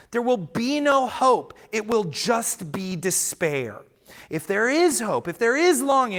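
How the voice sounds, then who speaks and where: A man's voice: very high-pitched, a bit bright. A man preaching a sermon as pastor, earnest and emphatic, sometimes restarting words mid-phrase. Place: church sanctuary.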